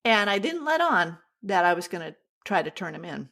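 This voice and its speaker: Lowish-voiced woman guest, telling her story, acts out every quote. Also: big pitch swings, normal speed, gravelly, fairly bright tone. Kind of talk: personal story in an interview.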